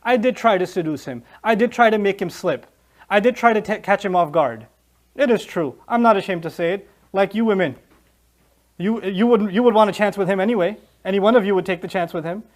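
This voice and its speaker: A defiant noblewoman sneering at her guests, as a male lecturer acts her out. Her voice is quick, bright and rather high, with a biting, mocking edge. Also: close to an everyday voice. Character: scornful noblewoman taunting her female guests.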